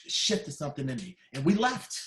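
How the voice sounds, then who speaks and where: A man's voice: medium pitch, wildly swooping pitch, brisk, a bit bright. Man telling a story in a roomy hall. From Dayton, Ohio, USA. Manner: emphatic, repetitive, building phrases. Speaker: keynote speaker. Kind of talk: motivational storytelling speech. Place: large conference hall.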